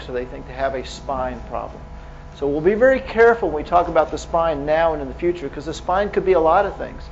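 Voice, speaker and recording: A man with a fairly high speaking voice lectures a hall of clinicians. He talks casually and keeps throwing rhetorical questions at the audience. The recording is dull and lo-fi, with faint hiss underneath. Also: darkish tone. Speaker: medical lecturer.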